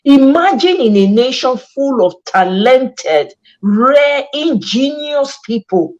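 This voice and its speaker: A woman's voice: high voice, animated, slow pace, darkish tone, highs cut off. A Nigerian woman hosting a casual chat, passionate and emphatic, mixing Pidgin and English. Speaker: host.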